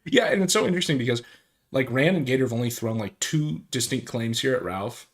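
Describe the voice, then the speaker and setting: A man's voice: mid-range voice, lively intonation, a little fast. A man streaming, reacting to a call-in argument with loose, amused commentary. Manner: amused, loose, laughs often.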